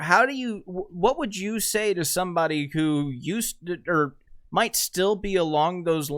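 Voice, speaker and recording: A man's voice: on the high side, a bit bright. A man hosting a casual podcast interview, asking a long question while searching for words. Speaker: podcast host.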